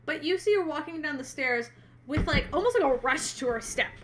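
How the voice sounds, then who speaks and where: Bright-voiced woman game master, full of ums. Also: high voice, animated, a little fast, a little hiss or hum. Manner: hesitant, filler-heavy. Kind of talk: live-streamed tabletop game narration.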